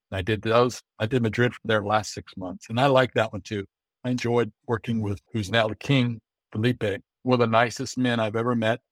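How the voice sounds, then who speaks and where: A middle-aged American man, a guest on an interview, telling lively anecdotes and acting out the dialogue he quotes. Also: fairly low pitch, no room sound. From United States. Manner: lively storyteller who acts out quoted dialogue. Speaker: guest, Olympic bid consultant.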